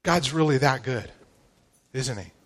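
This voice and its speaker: A man's voice: medium pitch, animated, unhurried, fairly bright tone. A man in his forties preaching a sermon with emphasis, asking the congregation rhetorical questions. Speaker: pastor.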